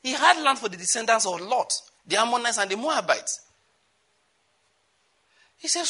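Male preacher, husky and bright, lively high delivery. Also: normal speed, pauses often. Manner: animated, shifts from loud exclamations to quiet asides. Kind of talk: sermon.

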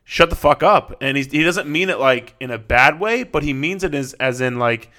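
A young man hosts a fitness podcast in a loose, rambling monologue. He swears freely and restarts his sentences often, padding them with fillers. His voice sounds bright and forward. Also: mid-range voice, expressive, normal speed. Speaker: fitness coach and podcast host.

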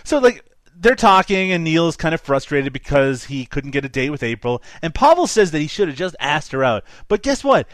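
A young man hosting a casual movie review podcast, animated and profane, laughing often. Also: on the high side, moderate pace, no room sound, studio quality. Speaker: podcast host.

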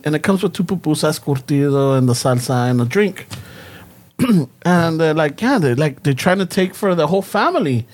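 Play a man chatting on a casual podcast, telling a story with plenty of animation. Keep the voice high for a man, drop into Spanish slang mid-sentence and swear freely. Give each quoted person a quick character voice.

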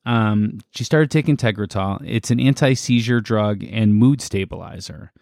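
A man co-hosting a casual podcast chat, relaxed and halting as he reads from his notes. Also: fairly low pitch, gravelly, dry recording, studio quality. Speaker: podcast co-host.

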